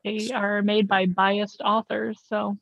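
A woman co-hosting a casual podcast chat, playful and quick with agreeing interjections. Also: medium pitch, little pitch movement, vocal fry, dry recording, lo-fi sound. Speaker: podcast co-host. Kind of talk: casual chat reviewing a series.

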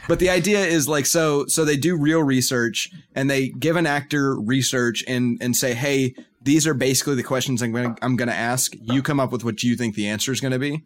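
A man's voice: mid-range voice, fairly even intonation, brisk, few pauses. A man co-hosting a podcast, describing things eagerly in casual chat with many "uh"s and "like"s. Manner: enthusiastic, filler-heavy storytelling. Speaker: podcast co-host.

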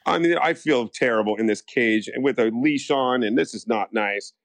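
A man's voice: medium pitch, normal speed, dry recording. A man from the United States, an actor telling stories in a casual interview, rambling with lots of restarts. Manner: rambling, animated, full of restarts and acted-out quotes.

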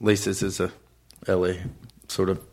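Halting man chatting as a podcast guest. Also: low voice, flat delivery, background noise. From United States. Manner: halting, restarts often, chuckles through answers. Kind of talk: casual podcast chat.

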